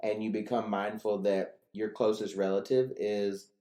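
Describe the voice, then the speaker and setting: A man's voice: lowish voice, fairly even intonation, moderate pace, mellow, reverberant. A middle-aged man who co-hosts a casual podcast chat and teases wryly. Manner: teasing, wry. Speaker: podcast co-host, parent. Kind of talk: casual chat with teasing humor.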